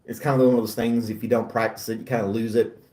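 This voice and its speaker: A man's voice: medium pitch, level tone, quick pace, darkish tone, reverberant, far from the mic. A middle-aged man hosting a casual chat, talking in a chatty, self-deprecating way and laughing often. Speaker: host.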